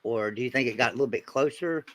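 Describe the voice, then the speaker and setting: A bright, forward-sounding man hosting a laid-back sports chat. He thinks aloud in an easy, relaxed way and thanks viewers as he goes. His voice sounds dry and close, with no room echo. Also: medium pitch, fast talker. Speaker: show host reading super chats.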